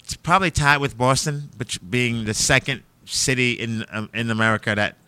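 A man from New York chatting casually as a podcast guest, agreeable and quick to say "right, right.". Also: medium pitch, sharp tone, clear, resonant tone, dry recording. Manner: agreeable, says "right, right" often. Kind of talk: casual chat.

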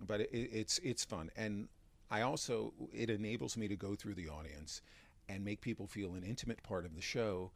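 A man, a magician and stand-up comic, talking in a relaxed interview, restarting sentences as he thinks. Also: lowish voice, moderate pace, creaky. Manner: chatty, with frequent restarts and fillers. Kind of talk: interview conversation.

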